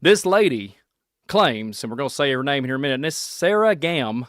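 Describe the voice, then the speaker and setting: A man from Kentucky with a Southern accent, hosting a rambling solo podcast, excitable and laughing often as he jumps between topics. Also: mid-range voice, moderate pace, no echo, studio quality. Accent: Kentucky Southern American. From Kentucky, USA. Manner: excitable, laughing, puts on silly voices. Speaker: podcast host.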